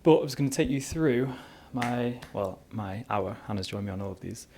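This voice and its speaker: Gravelly yet warm, his medium-pitched voice stays animated at a moderate pace, with slight background noise. The young man is a fitness vlogger rambling casually to the camera in a garden, sprinkling in lots of "you know."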